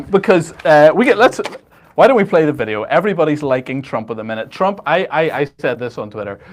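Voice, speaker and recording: A man co-hosting a casual political talk show, talking in halting bursts with many restarts and sardonic asides. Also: medium pitch. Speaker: editor-in-chief and co-host.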